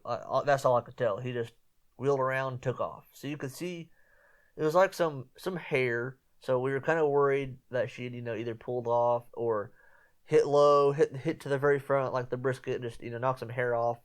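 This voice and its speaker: Man casually telling a hunting story. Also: medium pitch. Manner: rambling, repeats himself, quotes others in lively voices. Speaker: podcast host.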